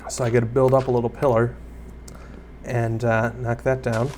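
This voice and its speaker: Young guy rambling thru his gameplay, mid-pitch voice, kinda self-mocking, lil background hum. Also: flat delivery, moderate pace, a little mellow. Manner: rambling, self-deprecating, talks to viewers and mobs. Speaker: gaming YouTuber. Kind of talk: casual Let's Play commentary.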